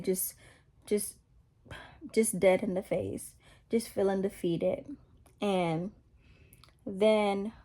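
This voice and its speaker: A woman's voice: medium pitch, warm tone. A woman telling a personal faith testimony in a casual, rambling way, repeating herself and poking fun at herself. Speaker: vlogger sharing a faith testimony.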